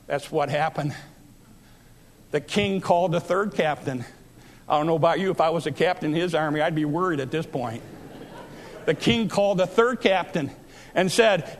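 A man's voice: high voice, moderate pace. A man preaching a sermon, telling a Bible story and acting out its speakers with rising emphasis.

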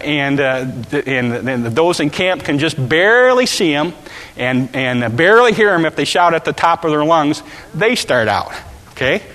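A man preaching a sermon, telling a story with volunteers and shouting out the characters' calls. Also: on the high side. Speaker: pastor. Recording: long hall reverb.

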